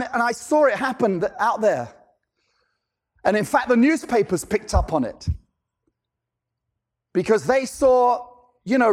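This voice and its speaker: A man with a high-pitched voice preaches to his congregation. He fires off rhetorical questions and repeats lines for emphasis. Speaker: pastor. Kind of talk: sermon.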